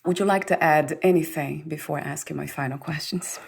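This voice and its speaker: Low, gravelly woman host. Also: fairly quick, darkish tone. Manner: admiring, praising. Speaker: interview host. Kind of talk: interview questions.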